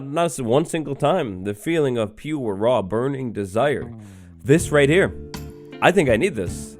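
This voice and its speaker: A young man giving casual, rambling commentary over his own gameplay, joking and filling gaps with "like" and "uh". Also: mid-range voice. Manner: rambling, joking, full of fillers and mock-innocent asides. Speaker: let's play host.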